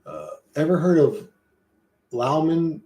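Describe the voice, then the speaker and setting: Man, casual livestream chat, profane rambling slang, slightly high voice, echoey room. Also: sing-song, slow pace, warm tone. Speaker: streamer reading and answering chat. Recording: roomy echo.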